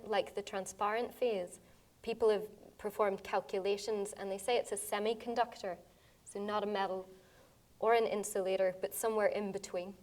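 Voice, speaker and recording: Brief: woman researcher, voice going hoarse, fielding audience questions step by step with quick asides. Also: medium pitch, a little mellow. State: losing her voice. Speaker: scientist giving a public lecture.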